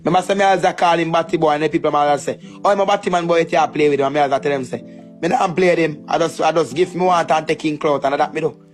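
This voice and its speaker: Brief: rapid, brash Jamaican male commentator with a slightly raised voice, mocking and repetitive. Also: a little high, steady tone, soft background music. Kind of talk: animated patois commentary.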